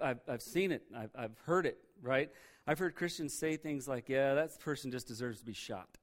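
A man preaching a candid, conversational sermon, often repeating words as he presses a point. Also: mid-range voice. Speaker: pastor.

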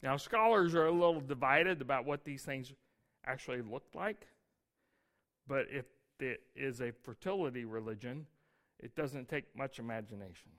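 A man's voice: mid-range voice, normal speed, fairly bright tone. A man preaching a sermon, explaining scripture in a conversational way with frequent rhetorical questions and reading verses aloud with emphasis. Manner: conversational Bible teaching with asides and rhetorical questions. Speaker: pastor.

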